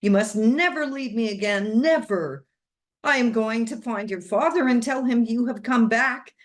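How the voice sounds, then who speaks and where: A woman's voice: on the high side, normal speed, pitched above the performer's own voice, lightly acted. A woman reading aloud and voicing an unhinged, grieving older woman who speaks passionately and entreatingly. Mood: insistent. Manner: passionate, entreating, a little wild. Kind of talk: storybook reading.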